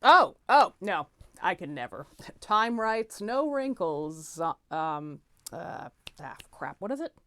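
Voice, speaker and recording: Woman as a flustered, bookish young gent; animated, dry comedy read. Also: fairly low pitch, slow pace, no room sound, full character voice. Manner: prim, exasperated, stammering. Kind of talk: comedic audio drama.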